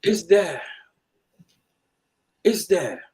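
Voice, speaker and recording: A man's voice: high voice, big pitch swings, drawn-out words, mellow, breathy edge, low-quality recording. A man, arguing his point insistently in a heated political debate and repeating himself when cut off. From Liberia. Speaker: panel guest.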